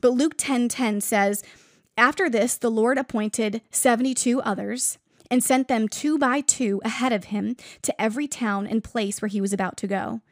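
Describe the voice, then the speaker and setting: A woman's voice: on the high side, normal speed, dry recording, studio quality. A young woman giving an earnest devotional message, telling a story and making emphatic declarations. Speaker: Christian teacher.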